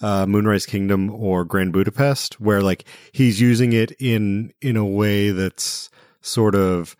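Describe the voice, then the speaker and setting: Low-voiced man, hesitant podcast host. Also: measured pace, smooth, no room sound, clean studio sound. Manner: relaxed, hesitant with many fillers. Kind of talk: casual film discussion.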